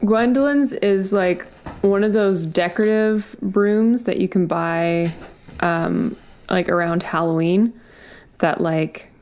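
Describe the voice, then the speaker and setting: Slow-talking woman searching for words. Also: lowish voice, a little mellow. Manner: searching for words, many likes. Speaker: player. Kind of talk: casual game talk.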